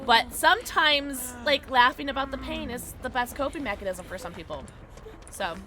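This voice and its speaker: A woman streaming a game, chatting casually with viewers in an excitable way, with sudden high yelps and laughs. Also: moderate pace. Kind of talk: casual livestream chat while gaming. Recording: game music behind the voice. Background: game music.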